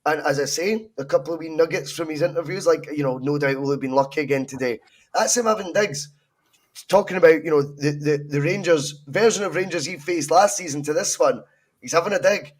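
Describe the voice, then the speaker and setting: A Scottish man co-hosting a podcast, talking football in a casual, opinionated and animated way, swearing freely. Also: fairly high pitch, brisk. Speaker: podcast co-host.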